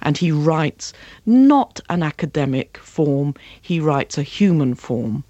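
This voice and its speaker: A woman acting and voice coach, talking passionately as an interview guest and slipping into slow, dramatic readings of verse. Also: low-pitched, sing-song, dark tone, no room sound.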